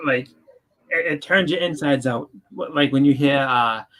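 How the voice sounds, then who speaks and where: Bright-voiced man chatting. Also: medium pitch, moderate pace. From Boston. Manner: loose, filler-heavy storytelling. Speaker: podcast co-host. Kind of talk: casual chat.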